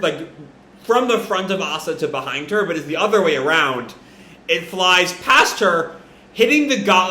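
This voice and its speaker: A man's voice: a little high, bright, forceful tone, echoey room. A man casually recapping a comic chapter as a reaction host, rambling with lots of fillers and the odd swear word.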